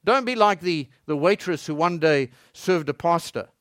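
A man preaching a sermon as pastor in a church, swinging between loud emphatic lines and soft low passages. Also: lively intonation, normal speed, no echo, clean studio sound.

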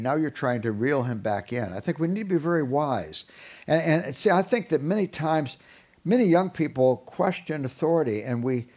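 A man's voice: medium pitch, darkish tone. A man leading a Christian parenting seminar, speaking in an easy, conversational voice. He stumbles over repeated words as he gathers his thoughts. He slips into the voices of parents and children to make his points. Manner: acts out parents and children in quotes. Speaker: parenting teacher.

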